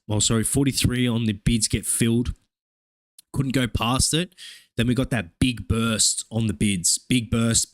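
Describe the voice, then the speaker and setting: A young man from Australia with an Australian accent, streaming live trading commentary in a profane, hyped play-by-play with excited oohs. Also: medium pitch. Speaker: live-streaming futures trader.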